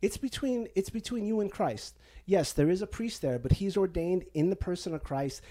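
A man, a Catholic priest hosting a podcast, giving animated, playful advice and slipping into a put-on Italian-American lilt. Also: high-pitched, normal speed. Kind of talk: casual podcast advice chat. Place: basement living room at home.

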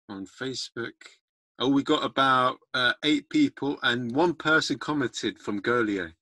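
Bright-voiced, joking man. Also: mid-range voice, a little slow, dry recording. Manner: joking, self-mocking, rambling. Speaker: podcast host. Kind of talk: casual chat.

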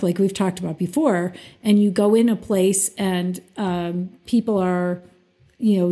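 A woman in casual conversation, talking earnestly with quick hesitant restarts. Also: lowish voice, warm tone. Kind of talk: casual chat.

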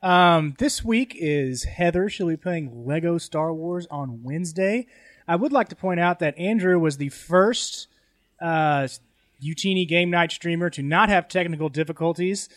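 A man's voice: fairly high pitch, measured pace, no room sound. An easygoing man co-hosts a podcast and chats through the week's plans. His voice sits a little above the middle. The recording is dry and close. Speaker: podcast co-host. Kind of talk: casual podcast chat.

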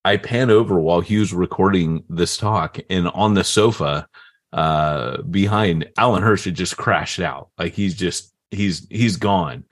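A man's voice: deep voice, unhurried, dry recording, clean studio sound. A man co-hosting a podcast in casual, joking chat, laughing often. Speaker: podcast co-host.

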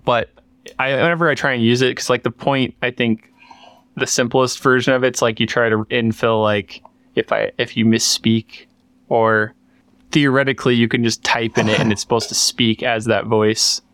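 Man, podcast co-host, casual rambling chat, many fillers, smooth resonant voice, dry close sound. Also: mid-range voice, steady tone, moderate pace, fairly bright tone, dry recording. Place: workshop.

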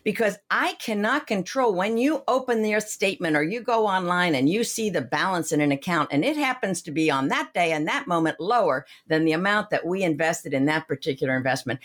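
Lively woman, financial advisor. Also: lowish voice, moderate pace, hardly any pauses. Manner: energetic, uses everyday analogies. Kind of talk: animated interview talk.

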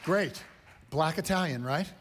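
A man's voice: a little high, unhurried, crowd noise, background noise. A man coaching a speaker with emphatic, punchy feedback, often checking in with "right?". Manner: emphatic, punchy, repeats "right?" and "you understand?". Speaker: speaking coach judging a contestant.

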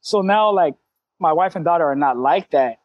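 Guest, man, thirties, high and dry, blunt street talker who cusses freely. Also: lively intonation, moderate pace, dry recording, muffled recording. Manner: candid, streetwise slang, frequent cussing. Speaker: CrossFit coach, guest. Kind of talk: casual interview talk.

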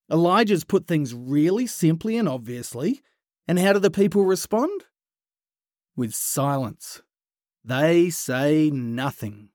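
A man retelling a Bible story for children in a playful, animated way, with sudden hushed pauses. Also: on the high side, dry recording, studio quality.

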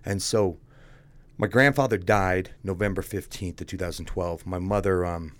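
A man's voice: deep voice, fairly even intonation, normal speed. A man telling his own story as a guest, speaking bluntly and casually and calling the host "dude".

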